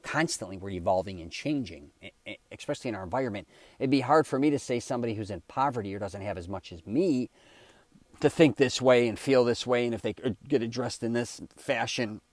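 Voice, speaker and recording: A man's voice: medium pitch, brisk, no room sound. A man hosting his own podcast, talking casually in a rambling monologue and correcting himself as he goes. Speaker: podcast host.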